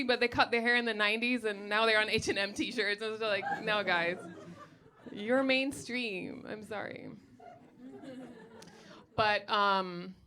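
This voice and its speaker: A young woman from Germany doing stand-up on a comedy stage, sardonic and chatty, padding her lines with ums and likes. Her voice is bright and forceful and sits a little high. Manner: sardonic, chatty, many ums and likes, laughs at own jokes. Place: comedy stage before a live audience.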